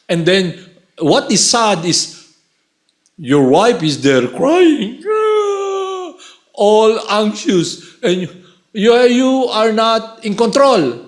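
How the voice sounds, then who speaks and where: Male spiritual lecturer, high voice, slow and animated delivery. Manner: animated, keeps checking in with the listeners.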